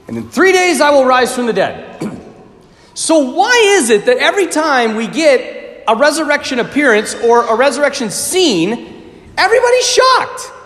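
A man, a priest, giving a homily at Mass, telling the story animatedly, acting out startled reactions and often clearing his throat. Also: extremely high pitch, fairly bright tone. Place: church. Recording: long church reverb.

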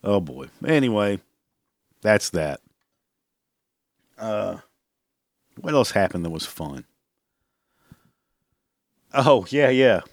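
A man's voice: lowish voice, sing-song, slow pace, long pauses, dry recording, clean studio sound. Profane, blunt man ranting on a podcast. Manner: profane, blunt, laughs at his own jokes. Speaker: podcast host. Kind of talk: casual solo rant.

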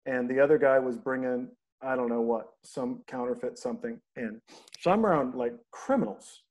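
Man telling a lively travel story. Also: medium pitch. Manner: animated anecdote teller, acts out quoted people. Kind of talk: casual storytelling chat.

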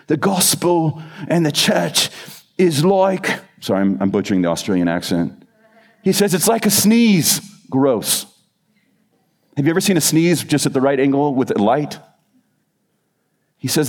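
A man preaching a sermon, building emphatic lists and slowing on key phrases. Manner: lowers to a quiet, soft voice in the closing appeal. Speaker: pastor.

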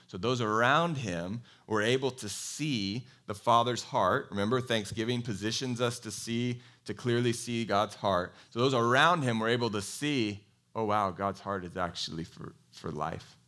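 A man preaching a sermon in a conversational, animated way, telling a Bible story and asking his congregation questions. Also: lowish voice, moderate pace, hardly any pauses. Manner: animated storytelling, acts out quoted voices. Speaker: pastor.

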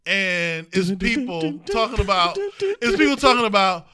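A man from the US Midwest with a strikingly high, piercingly bright voice. He tells rowdy, profane stories in loose podcast banter and laughs through them. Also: unhurried. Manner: animated, profane storyteller who laughs a lot. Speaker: podcast co-host.

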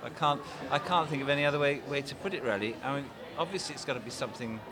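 A man's voice: mid-range voice, racing. A man, an author guest, hesitantly answering interview questions and then steadily telling a joke. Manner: hesitant, searching for words, then a steady storyteller. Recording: busy crowd outdoors. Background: crowd chatter.

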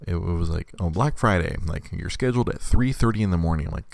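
A man's voice: low voice, fast, gravelly, hardly any pauses, no echo. A man, casually telling a rambling story to viewers, repeating words and laughing often.

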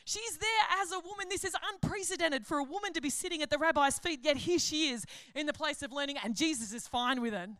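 High, bright woman preacher. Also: fast talker, few pauses, dry recording, studio quality. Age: adult. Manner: chatty and animated, jokes and laughs at herself. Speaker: conference speaker, pastor. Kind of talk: sermon.

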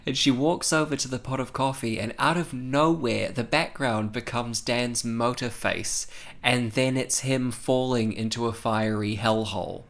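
A man recapping a horror film in casual chat, animated and profane, laughing often. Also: medium pitch, a little slow. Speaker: podcast co-host.

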